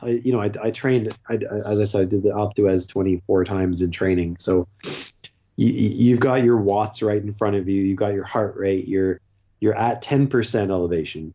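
A man who is a podcast guest, telling lively anecdotes in casual chat and swearing freely. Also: lowish voice. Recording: dull lo-fi podcast audio.

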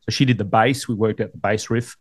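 A man's voice: fairly low pitch, steady tone, fairly quick, no echo. A middle-aged man with an Australian accent, hosting a podcast in casual, rambling chat full of fillers and easy laughs. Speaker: podcast host.

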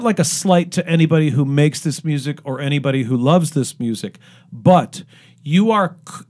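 A middle-aged man from Cleveland, Ohio, with a slightly high, somewhat mellow voice, appears as a guest musician in a casual interview. He tells long, rambling stories packed with fillers and restarts.

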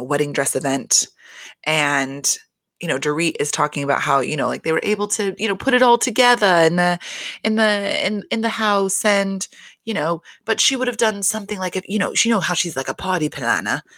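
A woman giving a casual solo recap of a reality show, rambling and expressive, swearing freely and laughing often. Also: lowish voice, normal speed, dry recording, studio quality.

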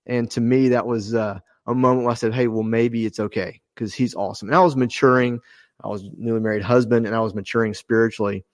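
A middle-aged man, a former fighter pilot, talking earnestly and haltingly on a podcast, with many pauses and restarts. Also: on the low side, no echo. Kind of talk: casual podcast conversation.

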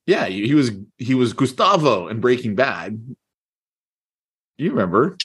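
A man's voice: medium pitch, very animated, unhurried, a bit bright, husky. A man co-hosting a podcast in casual chat, emphatic and repeating his points. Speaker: podcast co-host.

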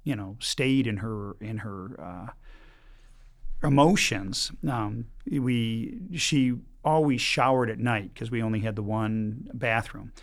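A middle-aged man from Michigan, a priest guest, telling stories in a lively way with quick bursts and many restarts. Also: lowish voice. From Michigan, United States. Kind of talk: casual storytelling chat.

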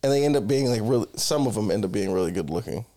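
A man's voice: lowish voice, expressive, fast, warm tone. A young man co-hosting a podcast in casual chat, rambling through stories, swearing freely and cutting himself off. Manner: rambling storyteller, swears freely, self-interrupting. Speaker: podcast co-host.

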